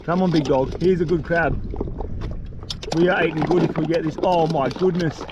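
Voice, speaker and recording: Male outdoor vlogger, high-pitched and excitable, self-filmed on a handheld camera with faint background ambience. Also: normal speed, dull audio, background noise. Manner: excited, breathless slang-filled chatter. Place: outdoors in mangroves by water.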